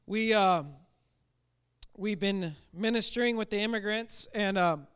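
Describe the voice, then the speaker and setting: A man preaching a testimony sermon as a missionary, earnest and impassioned, swinging between loud declarations and quiet asides. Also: high-pitched, unhurried, smooth.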